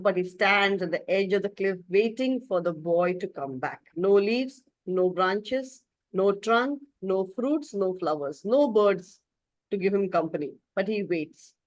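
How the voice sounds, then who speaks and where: A woman spiritual teacher telling a story to her class in an expressive way, often clearing her throat. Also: mid-range voice, measured pace, no echo. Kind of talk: storytelling talk.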